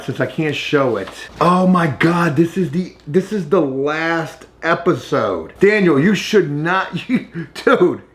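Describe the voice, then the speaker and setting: A middle-aged man, vlogging casually and swinging between hushed asides and excited outbursts. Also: on the high side. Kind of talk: casual vlog talk.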